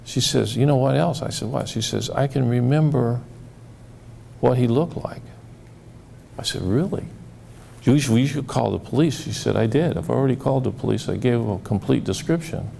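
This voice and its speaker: Gravelly man recounting cases. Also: mid-range voice, dark tone, a little hiss or hum. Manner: halting, repeats words, acts out quoted dialogue. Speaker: therapist. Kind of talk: storytelling talk.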